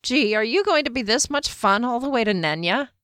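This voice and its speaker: A woman's voice: on the high side, animated, a little fast, fairly bright tone, no room sound, voice pushed up. A woman voicing a sarcastic young woman traveler who teases dryly. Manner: dry, sarcastic, teasing.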